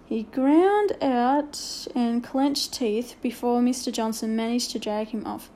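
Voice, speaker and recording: A woman narrating a children's storybook aloud in a clear, expressive way. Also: on the high side, slow, few pauses.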